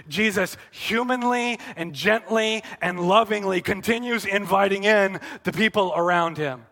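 Male pastor, sermon delivery, bright and fairly high voice; earnest, animated, shifts into hushed intimacy. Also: unhurried, gravelly, few pauses. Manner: earnest and animated, acting out quotes then dropping to soft intimate tones.

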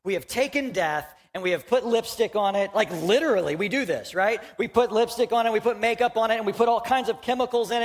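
A man's voice: high-pitched, fast talker, few pauses. A young man from Houston, Texas, giving a conversational, joking sermon as a pastor in a church and talking directly to the congregation.

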